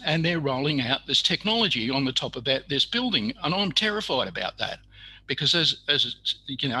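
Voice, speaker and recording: An older man, telling a story in an interview, halting with many fillers and restarts. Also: medium pitch, bright, forceful tone, slightly rough, dry recording, poor audio.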